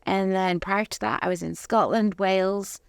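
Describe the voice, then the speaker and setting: A woman from Zimbabwe with a mixed Southern African and British accent, chatting as an interview guest, laughing often and pausing with ums. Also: mid-range voice, fairly even intonation, vocal fry, clean tone, no echo, studio quality. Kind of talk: casual interview chat.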